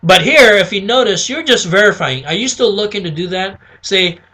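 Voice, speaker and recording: A high-pitched man runs a casual sales lesson. His voice is bright and forward, and he keeps checking in with "okay?" while acting out little phone calls. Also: expressive, normal speed. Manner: chatty, repeats "okay?", acts out sample phone calls. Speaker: sales trainer. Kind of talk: casual instructional talk.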